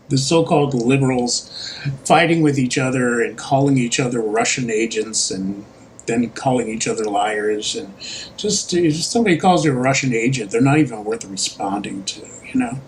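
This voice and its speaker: A middle-aged man talks straight to the camera in a loose, unscripted monologue, his voice at an ordinary pitch for a man. He wanders through his points with lots of "uh" and false starts, then drops in dry jokes. A faint hum of background noise sits under his voice. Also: rough recording. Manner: rambling with many fillers and restarts, wry joking asides. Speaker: YouTube political commentary host. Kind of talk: casual solo monologue to camera.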